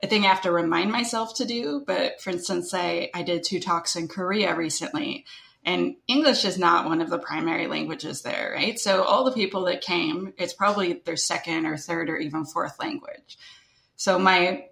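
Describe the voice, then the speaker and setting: Chatty Canadian woman, low voice. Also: normal speed, vocal fry, a bit bright, reverberant. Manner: chatty, upbeat, full of "like" and "right?". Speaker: guest. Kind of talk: casual interview conversation.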